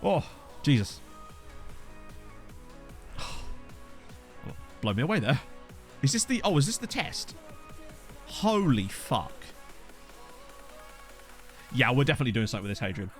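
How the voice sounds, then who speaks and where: A man live-streaming a management game, chatting casually and getting excitable, swearing when something surprises him, into a desk microphone. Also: medium pitch, a little slow, pauses often, soft background music. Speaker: gaming streamer. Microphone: desktop USB microphone.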